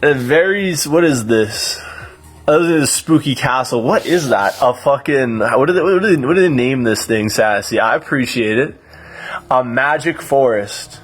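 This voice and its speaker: A man's voice: mid-range voice, lively intonation, moderate pace, husky. A man in his late twenties chatting casually on a live stream, thanking viewers by name as he goes. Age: 20s.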